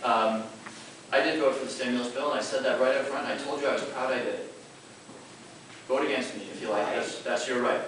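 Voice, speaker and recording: A man, a congressman, answering a constituent's criticism in a measured, firm way. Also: mid-range voice, fairly even intonation, fairly bright tone, slight background noise. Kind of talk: town hall response. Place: library meeting room. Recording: echoey room taped from far off.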